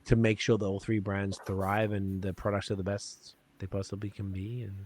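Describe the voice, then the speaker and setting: A man's voice: lowish voice, little pitch movement, moderate pace, a little mellow. A man hosting a podcast, chatting casually and rambling with swearing and fillers. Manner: loose and profane, rambling with lots of fillers. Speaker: podcast host.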